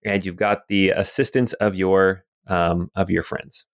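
A man running a tabletop game as game master, chatty and relaxed, narrating and explaining rules. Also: low-pitched, measured pace. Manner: relaxed, chatty, many fillers.

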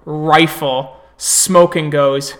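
A man's voice: on the high side, steady tone, drawn-out words. Storyteller man narrating a tabletop game. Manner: vivid, gory play-by-play narration.

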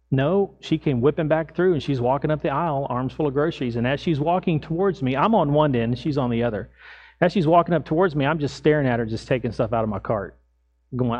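A middle-aged man preaches from the pulpit, his voice sitting a touch high for a man. He tells everyday stories with animated energy, raising his voice as he plays out his own part in them. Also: quick pace, lo-fi sound. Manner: animated storytelling, acts out his own lines loudly. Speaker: pastor. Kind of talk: sermon with personal stories.

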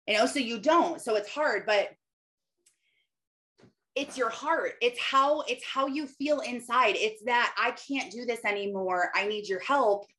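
Speaking in a fairly high, slightly bright voice, a Christian business owner in her thirties shares her faith with her followers. The talk is earnest and conversational, and she drops into quoted voices as she goes.

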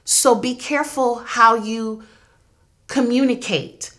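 Bright-voiced woman telling her loss. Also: a little high, fairly even intonation, takes it slowly. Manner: earnest, intense, reenacts dialogue. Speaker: interview guest, grieving mother. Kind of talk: emotional personal testimony.

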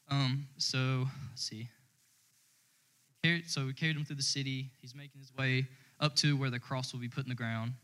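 A man's voice: mid-range voice, fairly even intonation, normal speed, a bit bright, rough recording. A man preaching to his church in a loose, conversational style. He rambles, circles back and restarts his sentences often as he works through his thoughts. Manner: informal and rambling, many fillers and restarts. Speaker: church speaker. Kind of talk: casual conversational sermon.

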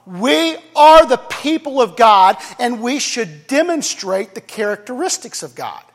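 A man preaching a sermon as pastor, talking casually with jokes and restarts. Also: very high voice. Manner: conversational preaching with jokes and repetitions. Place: church sanctuary. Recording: long reverb of a church hall.

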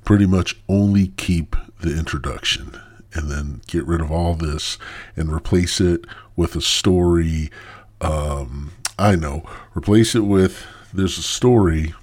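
A man's voice: deep voice, darkish tone. A stoned man hosting his own podcast in a crude, rambling monologue that loses its thread. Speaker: podcast host.

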